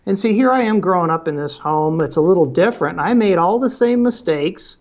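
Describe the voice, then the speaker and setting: A man's voice: high voice, animated, fairly quick, lo-fi sound. A middle-aged man, a parenting expert, telling earnest stories in a podcast interview and often repeating words for emphasis.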